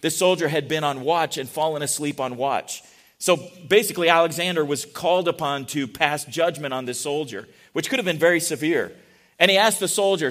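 A middle-aged man preaching a sermon in a relaxed, conversational way, often asking the congregation questions. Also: on the high side, fairly quick. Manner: chatty, asks the congregation questions. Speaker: pastor.

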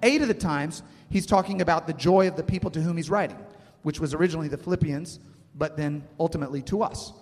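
A man's voice: fairly high pitch, fast talker, a little mellow, in a large hall. A man in his thirties preaching a sermon, talking conversationally and asking the congregation questions. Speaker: pastor.

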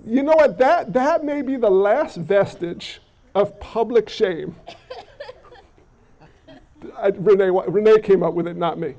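A pastor delivers a sermon in a high, gravelly voice that sounds a little congested from allergies. He keeps it conversational, putting questions to the congregation as he goes. The recording is dull and lo-fi. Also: slow, pauses often, warm tone.

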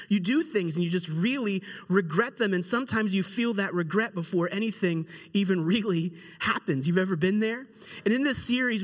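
A middle-aged male pastor with a high-set voice, preaching in a loose, chatty way. He jumps into the voices of the people in his story and keeps the tone animated. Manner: animated, conversational, acts out quotes. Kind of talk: storytelling sermon.

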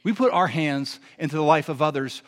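A pastor preaching in a high voice. He speaks to his listeners in an easy, conversational way, but he presses points hard. He often throws questions out to them. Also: a little fast. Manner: conversational, emphatic, rhetorical questions. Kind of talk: sermon.

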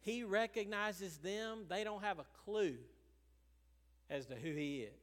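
High-voiced preacher in a reverberant sanctuary. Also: male voice, a little slow. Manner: animated preaching, chuckling, acts out quotes. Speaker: pastor. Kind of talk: sermon.

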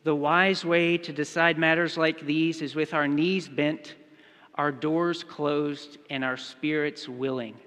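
A man's voice: on the high side, steady tone, takes it slowly, a bit bright, clear, resonant tone, long reverb tail. A man preaching a sermon, telling a story and speaking its quoted lines in his own voice. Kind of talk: sermon with acted-out illustration.

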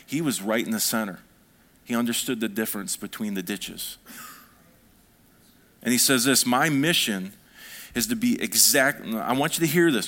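Man preaching a lively sermon. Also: on the low side. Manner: animated preaching, swinging between soft and fired-up. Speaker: pastor.

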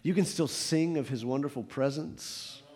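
A man preaching a sermon as a pastor, building to fervent emphasis and then dropping to hushed, quiet passages. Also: mid-range voice, normal speed. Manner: rises to fervent emphasis, drops to hushed tones.

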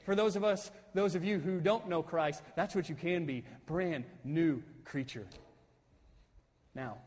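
High-voiced preaching man in a reverberant hall. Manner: rising to excited emphatic bursts, rhetorical "right?" tags. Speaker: pastor. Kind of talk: sermon. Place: church sanctuary.

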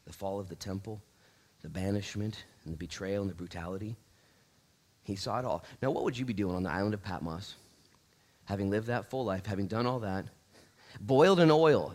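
A man pastor giving a casual, animated sermon in church, laughing and acting out little asides. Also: on the low side, a little fast.

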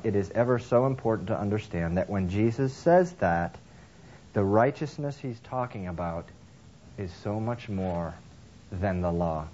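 A male preacher talks his way through a sermon in a relaxed, conversational manner, full of restarts and fillers. He slips into characters' voices with big jumps in pitch. The recording sounds somewhat dull and lo-fi. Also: moderate pace, slight background noise. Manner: acts out characters' lines with lively swings in pitch. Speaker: pastor. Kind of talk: sermon with a told story.

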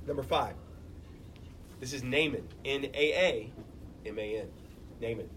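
A man's voice: medium pitch, animated, unhurried, long pauses, fairly bright tone, a little hiss or hum, low-quality recording. Conversational male pastor preaching. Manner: conversational, acts out quoted voices. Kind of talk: sermon.

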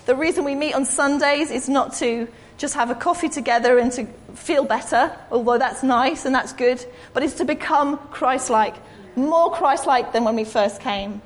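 A woman's voice: high voice, moderate pace, hardly any pauses. A woman giving an informal, rambling, self-deprecating sermon in a church hall. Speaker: preacher. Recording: echoey hall.

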